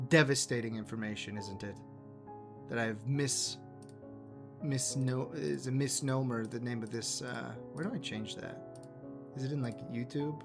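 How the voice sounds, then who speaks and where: A man's voice: mid-range voice, vocal fry. A man hosting a solo livestream about a fantasy world's lore, rambling and self-deprecating as he talks to himself, with music playing behind him. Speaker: livestream host. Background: background music.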